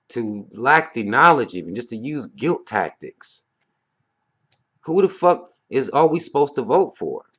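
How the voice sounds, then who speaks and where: Blunt, profane man ranting, low voice. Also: fairly bright tone. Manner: blunt, profane, heated, rhetorical questions. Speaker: vlogger. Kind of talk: casual rant to camera.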